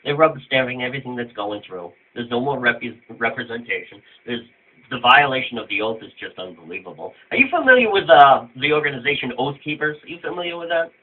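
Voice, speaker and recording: A man's voice: mid-range voice, animated, fast. A man interviewing a guest, asking rambling, searching questions in a casual chat. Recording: tinny phone-like line.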